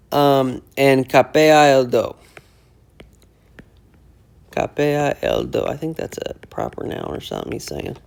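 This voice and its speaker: A man teaching casually, breaking phrases down slowly and repeating them word by word as he explains their meaning. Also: on the high side, creaky, clean tone. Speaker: language teacher explaining song lyrics. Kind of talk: casual lyric breakdown lesson.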